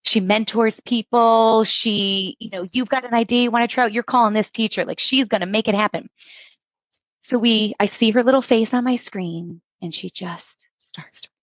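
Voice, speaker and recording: A woman's voice: a little high, moderate pace, dry recording, lo-fi sound. A middle-aged woman, an instructional coach, telling stories in a podcast interview and acting out the quoted dialogue. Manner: animated storytelling, acts out quoted dialogue.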